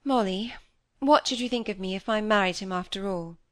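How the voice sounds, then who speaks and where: A woman voicing a lively, flippant young woman who talks in a breezy, dismissive way. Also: mid-range voice, brisk, no echo, studio quality, lightly acted. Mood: restless.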